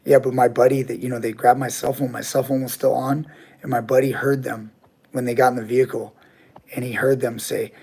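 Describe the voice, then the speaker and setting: Gravelly-voiced candid grappling coach. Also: male voice, medium pitch, flat delivery, fairly quick, warm tone. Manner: candid, swears casually. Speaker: grappling coach and channel host. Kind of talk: casual live-chat storytelling.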